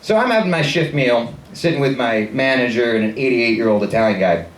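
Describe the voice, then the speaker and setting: Lively-pitched man doing stand-up. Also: fairly quick, reverberant, distant mic, poor audio. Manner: storytelling, acts out people's voices. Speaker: stand-up comedian. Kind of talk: stand-up comedy set. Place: comedy showcase stage with audience. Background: audience laughter.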